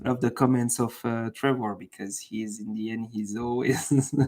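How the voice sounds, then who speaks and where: A man's voice: mid-range voice, fairly even intonation, moderate pace, darkish tone. A young man hosting a live stream, chatting casually with his viewers and reading comments, laughing often between many fillers.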